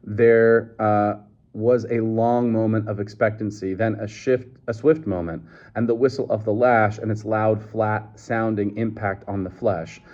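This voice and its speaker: A man reading a novel aloud in a measured way, with occasional slips and restarts. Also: on the low side, flat delivery, a little mellow. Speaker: reader. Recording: dull lo-fi recording.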